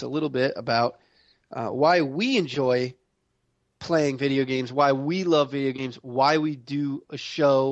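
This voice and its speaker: A man hosting a casual gaming podcast, reading news in a relaxed way with many fillers. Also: medium pitch, no room sound, highs cut off. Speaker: podcast host.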